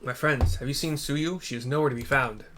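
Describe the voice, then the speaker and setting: A man's voice: mid-range voice, fairly quick, background noise, lightly acted. A man reading out the lines of a solemn young lord in a video game, with formal, old-fashioned phrasing. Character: Hien, a steady young male lord and leader. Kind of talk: reading game dialogue aloud.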